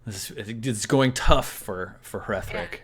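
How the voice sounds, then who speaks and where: A man's voice: on the low side, slow. A young man acting as game master, narrating a tabletop game casually and explaining the rules step by step.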